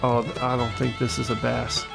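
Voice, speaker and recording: A man hosting a fishing game let's-play, joking and talking the viewer through each cast with sudden bursts of excitement. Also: medium pitch, normal speed, vocal fry, over music. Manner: jokey, excitable, talks to the viewer. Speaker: gaming channel host.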